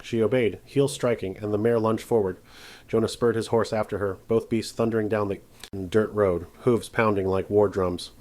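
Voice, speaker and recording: A man giving a measured, dramatic scripted narration of a story. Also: fairly low pitch, fairly even intonation, darkish tone.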